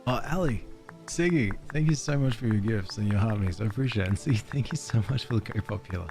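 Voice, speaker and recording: An Australian man with a lowish voice streams a cozy game, chatting easily and laughing a lot. His tone is dark and mellow, and a faint bit of music plays behind him. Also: quick pace. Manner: chatty, laughs often, thanks chat viewers. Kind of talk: casual live-stream commentary.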